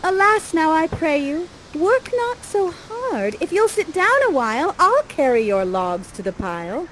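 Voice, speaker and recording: A woman's voice: extremely high pitch, very animated, unhurried, slight background noise, voice pushed up, full character voice, rough recording. A woman voicing a young, innocent maiden who speaks Shakespearean verse in a wondering, breathless way. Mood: tender.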